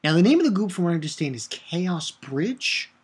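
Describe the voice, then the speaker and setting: A man giving a casual video review of an anime episode, excitable and rambling, swearing and shouting out his own reactions. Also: high voice, brisk, husky. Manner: rambling with restarts and filler.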